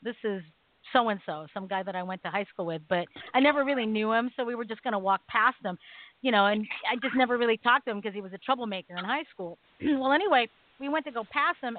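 A woman's voice: fairly high pitch, no echo. Woman storytelling over a phone line. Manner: animated storytelling, acts out quoted voices. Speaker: radio show co-host. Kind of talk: casual storytelling on talk radio. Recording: dry phone-line audio.

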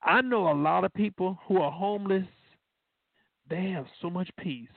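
A man preaches in a high voice with vocal fry at normal speed, telling folksy, filler-heavy stories. Leading the prayer afterward, he repeats "God" like a refrain. The recording is dry, echo-free, and tinny, like a phone line.

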